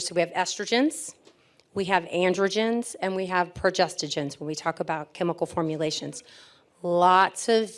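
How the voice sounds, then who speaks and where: A woman with a lowish, strained voice that is wearing out. She explains medical terms one by one for a live audience, speaking like a doctor on a stage panel. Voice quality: strained, tired voice. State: losing her voice. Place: event stage before an audience.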